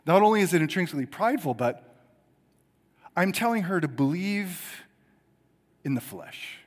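Animated preacher in a reverberant church hall. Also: male voice, high voice, moderate pace. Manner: animated, conversational preaching with sudden loud emphasis and quiet asides. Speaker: pastor. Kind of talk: sermon.

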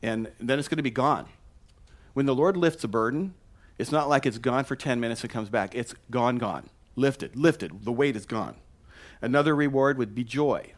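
A man preaching in a church, speaking in a loose, conversational way. He asks his listeners questions, stumbles and restarts often, and sometimes rises sharply in pitch and loudness when he gets excited. His voice sits at an ordinary middle pitch. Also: moderate pace. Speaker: pastor. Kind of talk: sermon.

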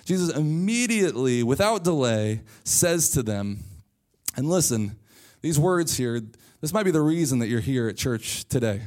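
A man's voice: medium pitch, a little mellow. A man preaching a sermon in church, casual and joking as he retells a story. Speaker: pastor.

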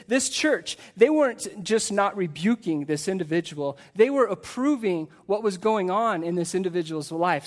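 High-voiced man preaching earnestly. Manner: earnest, emphatic preaching with rhetorical questions. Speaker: pastor. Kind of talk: sermon. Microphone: microphone at a pulpit.

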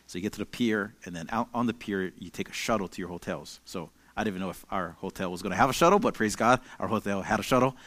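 A young man preaches in a loose, chatty way, leaning on fillers as he tells stories. His voice sits a little low, and the recording is close and dry with almost no room sound. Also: fast talker, few pauses, dry recording. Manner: relaxed storytelling with many fillers. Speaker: pastor. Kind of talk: casual conversational sermon.

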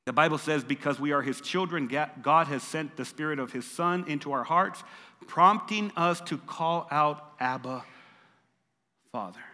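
A man's voice: a little high, moderate pace, bright, forceful tone. An older man preaching a sermon as pastor, emphatic and repeating phrases for stress. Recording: long reverb of a large hall.

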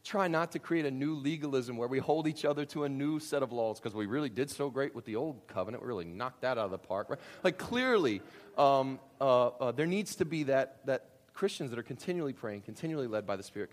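A man's voice: mid-range voice, animated, quick pace. A pastor speaking casually to his church during a Q and A, joking and throwing in sarcastic asides. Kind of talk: live church Q and A and sermon. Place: church sanctuary.

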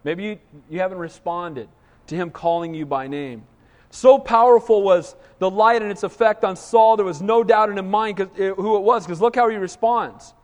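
A man preaching a sermon in a church, animated, with frequent call-and-response. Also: high voice, moderate pace. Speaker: pastor. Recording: long hall reverb.

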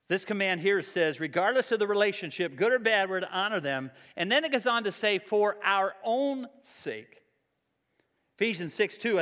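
A man in his sixties preaching a sermon, telling stories about himself in a relaxed, conversational way. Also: on the high side. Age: 60s. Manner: conversational, self-deprecating storytelling. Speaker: pastor. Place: large church hall. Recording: long hall reverb.

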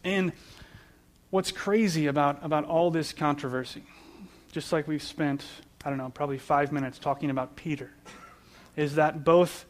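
Earnest male preacher with a somewhat high voice, repeating words as he explains scripture. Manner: earnest, repeats words while building points. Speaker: pastor. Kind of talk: sermon.

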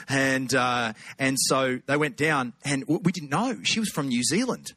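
Bright-voiced Australian pastor telling jokes. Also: male voice, a little high, moderate pace, few pauses, no echo. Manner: animated, jokey, lots of put-on voices. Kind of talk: humorous sermon storytelling.

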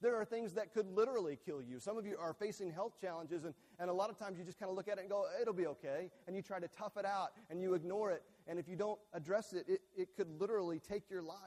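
A male pastor delivers a sermon in a fairly high voice that rings out with a long reverb, as in a large sanctuary. He is earnest and emphatic. He repeats his key phrases, doubles words and restarts them as he presses his point. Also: fast, few pauses, darkish tone. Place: church sanctuary with a screen behind him.

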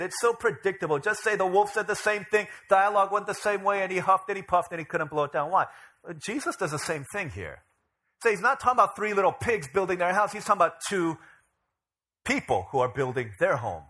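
A man's voice: on the high side, a bit bright. A male pastor giving a sermon, asking the congregation questions and retelling a familiar story with a light, joking touch. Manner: asks the congregation questions and retells stories with humor.

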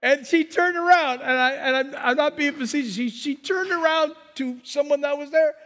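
An older man delivers a sermon in a church, his voice sitting high for a man. He tells his stories with animation and acts out the people in them. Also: moderate pace. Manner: animated storytelling, acts out scenes. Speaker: pastor.

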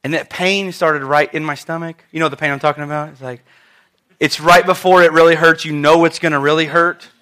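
A man preaching a sermon, telling a story with lively asides and questions to the congregation. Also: a little high, brisk.

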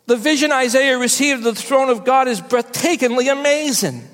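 A woman pastor delivering a sermon to her church, with slow, emphatic preaching and repetition for effect. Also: high-pitched, expressive, in a large hall.

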